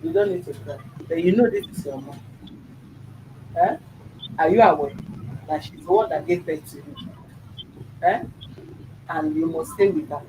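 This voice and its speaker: A man's voice: a little high, moderate pace, long pauses, background noise. A man, hosting a mediation and firmly questioning a child, repeating his questions. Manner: firm, probing, repeats questions. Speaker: mediator host. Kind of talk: questioning a child in a family dispute.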